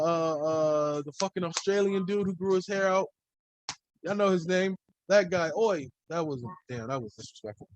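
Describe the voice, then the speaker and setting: A man's voice: high-pitched, a little hiss or hum, rough recording. A man hosting a solo sports podcast, talking in a loose, rambling way and swearing freely. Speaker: podcast host.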